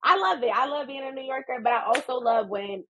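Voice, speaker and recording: A woman in her thirties from the United States, telling travel stories as a guest in a casual, animated interview and laughing often. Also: sits high, fast, dull audio, a little hiss or hum. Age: 30s.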